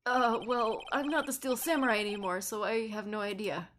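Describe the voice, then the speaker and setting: An awkward, modest former actor from a game, read by a woman in her own voice. He speaks quietly and sheepishly. The voice is unforced and plain. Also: on the high side, fairly even intonation, a little fast, slight background noise, close to an everyday voice.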